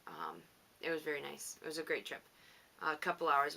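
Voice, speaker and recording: A woman with a fairly low voice that still has a bright, forward edge talks through her week as a podcast host. She rambles, teases herself and laughs easily in a loose, unscripted monologue. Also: animated, vocal fry. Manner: chatty, rambling, self-teasing, quick to laugh. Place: home on the coast.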